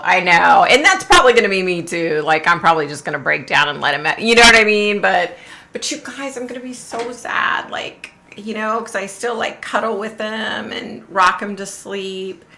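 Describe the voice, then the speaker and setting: A woman's voice: medium pitch, moderate pace, pushed and bright, echoey room. A middle-aged woman hosting a livestream, chatting casually and cursing now and then. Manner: chatty, swears freely, drawls "y'all". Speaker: host of a livestream.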